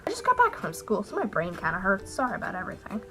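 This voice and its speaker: A woman's voice: medium pitch, wildly swooping pitch, fast talker, bright, forceful tone. A woman vlogging to camera in a chatty, rambling, jokey way, sounding a little sick with a cold. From Canada. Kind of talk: casual chat to camera.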